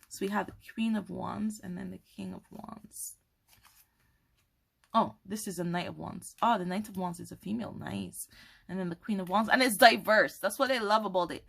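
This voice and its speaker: Excitable woman fangirling over tarot cards, bright higher voice, laughs a lot, talks to camera. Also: measured pace, gravelly. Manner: gushing, excitable, apologetic, laughs often. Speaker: tarot content creator. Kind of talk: casual unboxing chat to camera. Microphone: camera mic, holding cards up to camera.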